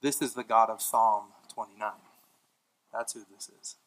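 A male pastor preaching a sermon, swinging from emphatic lines to hushed ones, with casual asides and light laughs. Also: fairly low pitch, steady tone, moderate pace, rough recording.

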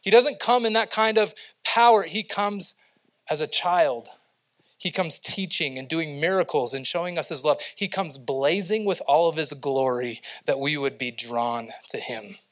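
A man's voice: on the high side, unhurried, a bit bright. A young adult male pastor preaching a sermon, telling stories and building to emphatic points. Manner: storytelling preacher, rising to emphatic peaks.

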